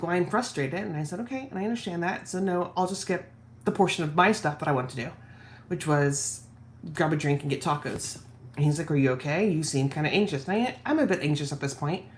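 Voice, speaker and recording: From her home office, a woman vlogger with a low-pitched voice tells a personal story candidly and reflectively, over slight background noise. As she goes, she quotes both herself and her husband, voicing his lines in her own voice.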